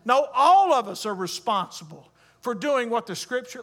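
High-voiced preacher. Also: male voice, big pitch swings, normal speed, a bit bright. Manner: emphatic preaching with call-and-response. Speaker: Baptist pastor. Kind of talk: sermon.

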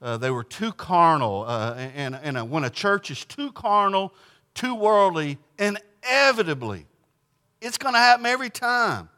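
A man's voice: sits high, sing-song, normal speed, sharp tone. A man preaching a conversational sermon, reading scripture aloud and explaining it in a folksy, emphatic way, often restarting his sentences. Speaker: pastor.

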